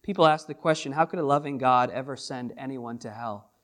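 A man preaching a sermon as pastor, swinging between hushed lines and loud, drawn-out emphasis. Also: mid-range voice.

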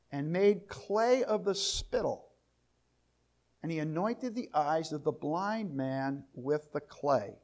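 High-voiced man teaching scripture. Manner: reads scripture aloud, then explains it; repeats key questions, rising to louder emphasis. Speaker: Bible teacher. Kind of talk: Bible study teaching.

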